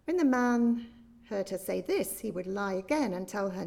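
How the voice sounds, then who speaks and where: A woman, a minister leading a church service, telling a children's story in a gentle, expressive way. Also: medium pitch, moderate pace, vocal fry.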